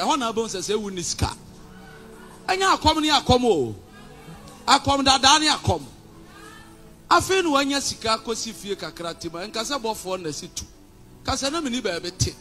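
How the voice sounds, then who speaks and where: A man with a Ghanaian accent preaching a fiery, defiant sermon, shouting and mixing Twi and English. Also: extremely high pitch. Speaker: pastor.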